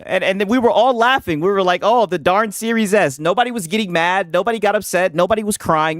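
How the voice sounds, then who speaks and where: A man's voice: sits high, animated, quick pace, hardly any pauses, fairly bright tone, dry recording, studio quality. A man hosting a live stream, mocking the clips he reacts to, swearing freely and reading out chat messages. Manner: mocking, profane, reads chat aloud. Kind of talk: casual live-stream commentary.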